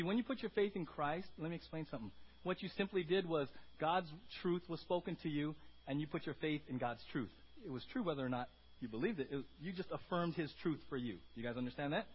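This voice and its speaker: A man's voice: a little high, lively intonation, brisk, breathy edge, highs cut off. A male pastor giving an emphatic sermon at a church service, asking the congregation questions. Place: church service before communion.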